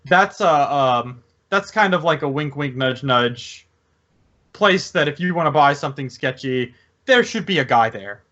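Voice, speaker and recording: A man's voice: fairly high pitch, expressive, moderate pace, a bit bright, dull audio. A man narrating as game master of a tabletop game, hesitant, with many ums and restarts.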